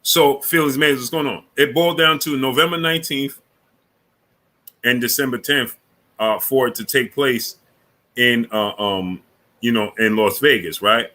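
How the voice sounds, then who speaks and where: A man's voice: mid-range voice, a little slow, pushed and bright. A man hosting a casual sports livestream, greeting viewers by name one after another, with many fillers and repeats. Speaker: livestream sports show host. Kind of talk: casual live chat reading viewer names.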